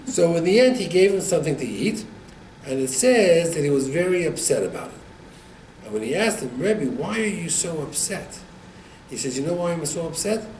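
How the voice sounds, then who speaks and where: A man giving a Torah class, telling stories and acting out each quoted line. His voice sits a little high and swings widely in pitch. He is recorded from some distance in an echoey room, with faint background noise. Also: normal speed. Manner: animated storyteller, acts out quotes with rising pitch. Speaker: Torah teacher.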